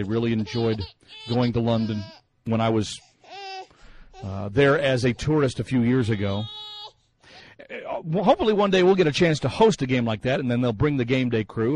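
A man's voice: mid-range voice, darkish tone, poor audio. A man hosting a sports talk radio show, musing in a chatty way with many fillers and restarts.

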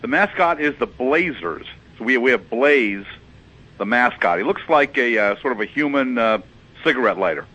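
Man, phone-in caller, bright forceful voice, muffled lo-fi phone line, rambling with fillers. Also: mid-range voice, animated, normal speed. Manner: rambling, many fillers and hesitations. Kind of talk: casual call-in chat. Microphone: telephone.

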